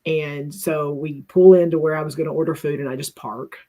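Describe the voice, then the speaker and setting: A woman's voice: deep voice, fairly even intonation, fairly quick, warm tone, a little hiss or hum. Earnest middle-aged woman sharing personally. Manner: earnest and reflective, restarts often. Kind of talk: candid personal storytelling.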